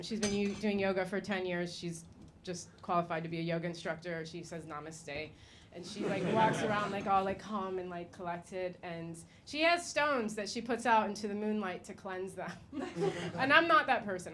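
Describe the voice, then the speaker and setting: A woman's voice: medium pitch, a bit bright. An American woman in her thirties doing a stand-up comedy set, chatty and full of fillers, laughing at her own jokes. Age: 30s. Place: comedy stage. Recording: noisy live stage recording.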